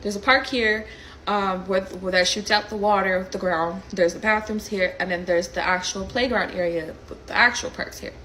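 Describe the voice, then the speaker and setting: Animated young woman telling a story. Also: mid-range voice, moderate pace, slight background noise, rough recording. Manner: animated, conversational, slangy. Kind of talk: casual storytime monologue.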